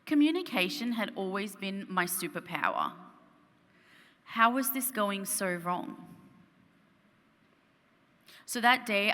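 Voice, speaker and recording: A woman giving a keynote talk, telling a story in an animated way and asking the audience questions, on a conference stage in a hall with long reverb. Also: mid-range voice. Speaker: keynote speaker.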